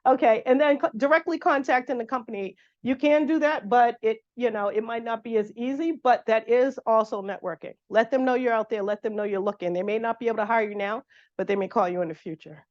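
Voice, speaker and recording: A woman runs a career workshop in a relaxed, talkative way. She keeps slipping into little acted-out phone calls. The recording sounds dull and lo-fi. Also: a little high, a little fast. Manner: chatty, acts out sample phone calls. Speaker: workshop instructor. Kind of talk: casual career workshop talk.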